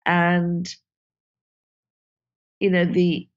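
A woman's voice: on the low side, completely flat delivery, extremely slow, smooth. A woman film director, talking casually and emotionally in an interview, full of "you know" fillers. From Britain. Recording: dull lo-fi sound.

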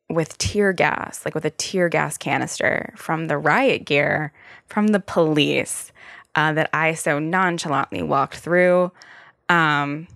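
A woman's voice: deep voice, gravelly, fairly bright tone, dry recording, studio quality. A young adult woman hosting a podcast solo, telling stories in a chatty, profane way full of "like" fillers. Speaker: podcast host. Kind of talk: casual solo podcast storytelling.

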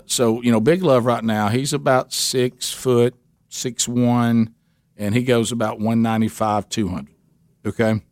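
A man's voice: medium pitch, dry recording, clean studio sound. A middle-aged man hosting a talk radio show, telling a story with many restarts.

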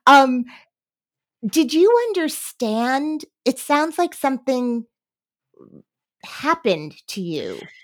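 A woman hosting a podcast interview, asking questions in a relaxed, conversational way. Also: sits high, slow, pauses often. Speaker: podcast host. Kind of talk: casual interview chat.

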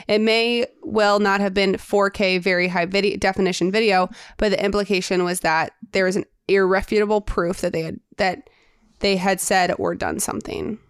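A young adult woman co-hosting a podcast in casual chat, animated and chatty, sprinkling in lots of "like.". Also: mid-range voice, smooth, no echo, clean studio sound. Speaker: podcast co-host.

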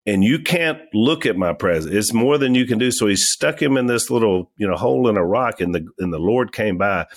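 A man hosting a podcast, retelling a Bible story in a steady, casual way. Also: lowish voice, brisk, hardly any pauses. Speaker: podcast host, reads the ad. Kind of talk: ad read and casual Bible chat.

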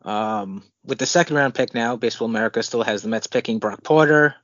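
A man co-hosting a casual sports podcast, relaxed, reading out draft news with his own asides. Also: mid-range voice, fairly quick, no echo, highs cut off. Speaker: podcast co-host.

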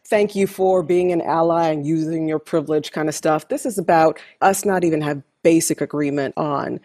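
A woman's voice: deep voice, normal speed, dark tone. A woman co-hosting a casual conversation, talking emphatically and repeating her key phrases.

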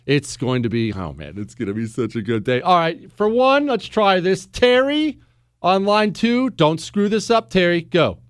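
A man's voice: sits high, big pitch swings, normal speed, clean tone, no room sound, studio quality. A man hosting a talk radio show, joking with sarcastic asides as he talks to listeners and callers. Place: radio studio. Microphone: studio microphone.

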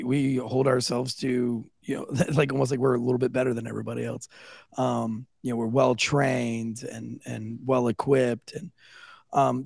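A man's voice: medium pitch, creaky, a little mellow, no room sound, clean studio sound. A man, a former police officer, casually telling stories as a podcast guest, swearing freely and loaded with fillers. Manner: loose, profane, filler-heavy. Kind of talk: casual storytelling. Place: studio.

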